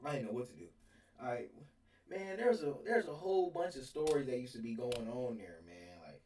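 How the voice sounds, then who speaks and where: Young guy, rambling animated storyteller, sits back from the mic in an echoey room; casual storytime vlog. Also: mid-range voice, brisk. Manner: rambling, animated, laughs mid-sentence. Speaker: storyteller vlogger. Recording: roomy sound from a distance.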